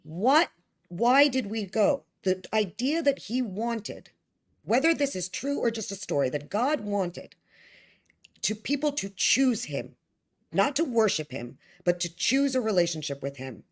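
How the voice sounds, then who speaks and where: A woman's voice: mid-range voice, sing-song, unhurried. A woman from the United States, a guest scholar in a discussion, who talks discursively and asks rhetorical questions. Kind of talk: conversational discussion.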